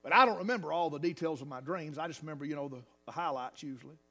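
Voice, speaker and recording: A man preaching a sermon as pastor, moving from quiet talk to loud, rising calls with hallelujahs. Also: a little high, very fast.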